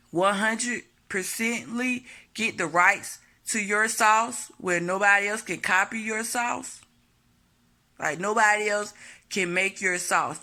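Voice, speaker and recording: A woman's voice: mid-range voice, pushed and bright. A woman vlogging a blunt, profane opinion monologue to camera, hammering her points home by repeating them.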